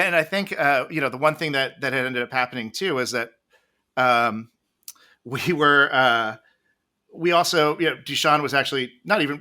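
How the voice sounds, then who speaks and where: Bright-voiced guy rambling thru his bar stories, lots of restarts. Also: mid-range voice. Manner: rambling, many restarts, laughs while telling stories. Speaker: podcast guest, bartender. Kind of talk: casual storytelling interview.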